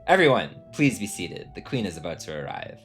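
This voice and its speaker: A man's voice: low-pitched, sing-song, brisk, gravelly, fairly bright tone, soft background music, exaggerated voice. A man voicing a formal male herald announcing guests at a castle in a game, stiff and declamatory.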